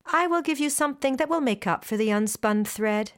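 A female storyteller voicing an enchanting woodland maiden spirit in a sweet, gentle, beckoning tone. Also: high voice, animated, a little fast. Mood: solemn. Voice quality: sweet, coaxing.

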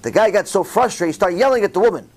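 A man, a religious teacher telling a story in an animated way and acting out the dialogue, with frequent "uh" fillers. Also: sits high, fast. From Israel. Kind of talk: storytelling Torah talk.

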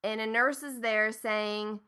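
A bright, fairly high-voiced woman in her thirties, telling a family story in loose conversation. She leans into quoted lines with lively emphasis and swears casually as she goes. She grew up in Ohio. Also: slow pace, clean tone. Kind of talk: casual chat.

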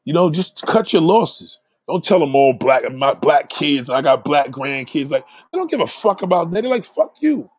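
Guy ranting casually, husky voice, swears a lot, dry close sound. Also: a little high, animated, normal speed, hardly any pauses, no room sound. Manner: profane, rambling, blunt. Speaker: vlogger giving advice. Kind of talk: casual monologue.

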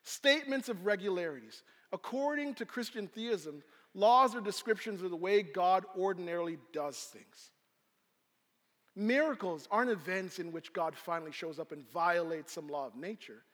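A man preaching a sermon as pastor, telling a scene with lively storytelling and acting it out. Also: high voice, moderate pace. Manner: animated storyteller, acts out scenes. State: out of breath. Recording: long hall reverb.

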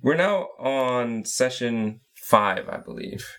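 A man's voice: medium pitch, animated, slow pace, fairly bright tone, clean tone. A man co-hosting a casual podcast, methodically recapping the scenes of a game. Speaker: podcast co-host.

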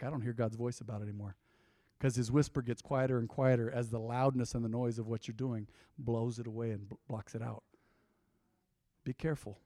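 A man preaching a sermon, swinging between loud swells and quiet, intimate drops. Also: mid-range voice, no echo, clean studio sound. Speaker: pastor. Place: church.

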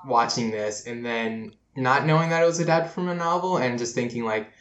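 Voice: mid-range voice, brisk, muffled recording. A podcast co-host chatting in a laid-back, profane way. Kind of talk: casual podcast chat. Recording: roomy echo.

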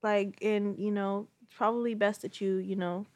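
A woman's voice: medium pitch, normal speed, no echo. A young woman in her twenties casually telling a long personal story and acting out the quotes. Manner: animated, acts out quotes. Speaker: guest.

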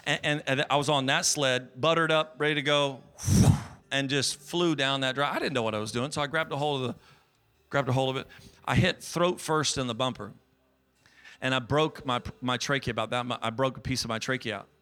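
A young man preaching a sermon as a guest pastor, telling a personal story that builds to shouted praise. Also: medium pitch, fairly quick, smooth.

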